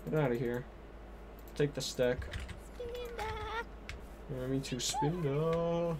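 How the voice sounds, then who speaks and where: A man streaming a game live, chatting excitably, muttering to himself and to his chat. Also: medium pitch, slow, background noise. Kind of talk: live gameplay commentary.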